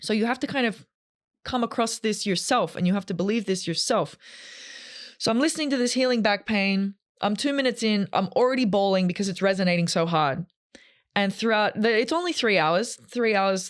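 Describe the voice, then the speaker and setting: A woman's voice: medium pitch, fairly quick. A woman hosting a solo podcast from a green room, telling a personal story in a candid, rambling, emotional way with many fillers. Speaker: podcast host.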